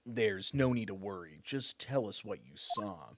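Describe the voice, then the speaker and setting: A man voicing a flustered, stammering old male judge in a loud, raised voice. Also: fairly low pitch, lively intonation, unhurried, background noise, pitched below the performer's own voice.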